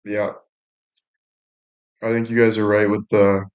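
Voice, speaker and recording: A man's voice: on the low side, little pitch movement, a little slow. A young man chatting casually to his audience, rambling and making crude jokes.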